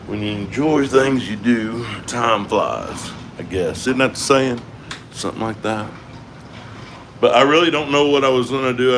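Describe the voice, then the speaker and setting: Guy rambling casually on his stream, lowish voice, lots of restarts. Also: a bit bright, slight background noise. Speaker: livestreamer.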